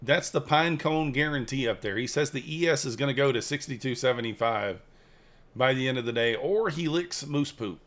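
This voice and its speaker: A man's voice: mid-range voice, moderate pace, a bit bright. A man chatting casually and joking with viewers while streaming his trading. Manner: rambling, joking with chat viewers. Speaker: futures trading live streamer. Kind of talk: casual live-stream chat.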